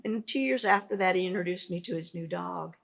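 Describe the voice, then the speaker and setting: A woman's voice: on the low side, brisk, gravelly. A woman, founder of a pet business, telling stories earnestly in a conversational interview, with frequent restarts.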